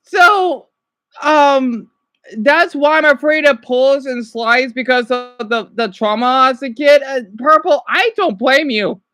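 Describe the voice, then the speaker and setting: A woman's voice: sits high, unhurried, hardly any pauses, a bit bright. A woman streaming and reacting to videos in casual, rambling chat, trailing off and restarting often. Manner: chatty, trailing off and restarting, laughs easily.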